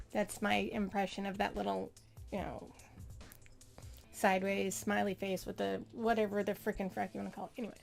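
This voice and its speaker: A woman's voice: mid-range voice, little pitch movement, normal speed, creaky, long pauses, faint music behind. A woman hosting a casual video, reading out posts with chatty, sarcastic commentary. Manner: sarcastic, chatty, laughing asides. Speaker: video host.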